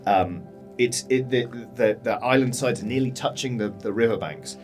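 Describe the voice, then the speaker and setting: A man's voice: mid-range voice, moderate pace, a little mellow, soft background music. A British man narrating as dungeon master, describing scenes and making sound effects. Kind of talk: narrating a tabletop game.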